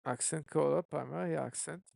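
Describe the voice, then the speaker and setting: An app developer thinking aloud during a live coding stream, musing and questioning themselves in an unhurried way. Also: mid-range voice, vocal fry, darkish tone, no room sound, studio quality.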